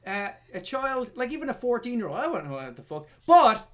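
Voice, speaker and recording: A young man hosting a podcast, retelling a film plot in a jokey, sweary, animated way. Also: extremely high pitch, a little fast, dull audio. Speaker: podcast host. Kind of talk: casual film review chat.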